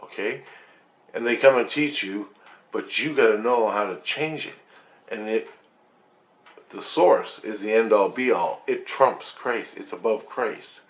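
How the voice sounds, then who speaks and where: A man talking casually to camera about his spiritual experiences, animated and swearing at times. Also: lowish voice, unhurried. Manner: animated, swearing, quoting others in changing voices. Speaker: vlogger sharing spiritual experiences. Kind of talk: casual monologue. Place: low-income apartment.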